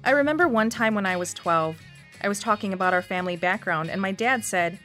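A woman's voice: mid-range voice, brisk, a bit bright, faint music behind. A woman in her forties with a Wisconsin accent, reading her own personal essay in a reflective storytelling manner for radio. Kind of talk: scripted personal essay narration.

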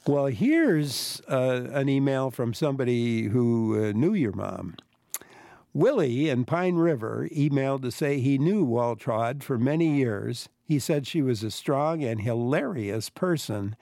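A man's voice: medium pitch, expressive, measured pace, creaky, warm tone, dry recording, studio quality. A man hosting a radio call-in show, reading listener emails in a conversational way. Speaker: radio host. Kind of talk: radio interview.

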